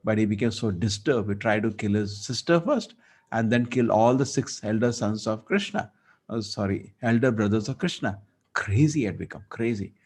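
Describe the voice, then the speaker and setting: A man teaching a scripture class, telling the story lively and acting out the dialogue. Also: lowish voice, moderate pace, slightly rough. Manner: storytelling, acts out dialogue, asides. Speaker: spiritual teacher.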